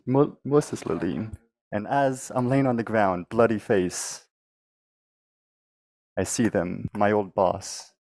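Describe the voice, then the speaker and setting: A man playing a tabletop game, slowly telling his character's backstory with some stumbles. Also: on the low side, darkish tone. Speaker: player.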